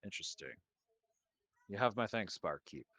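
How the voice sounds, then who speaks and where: A man voicing a polite, genteel male adventurer, speaking in a relaxed way. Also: fairly low pitch, moderate pace, dry recording.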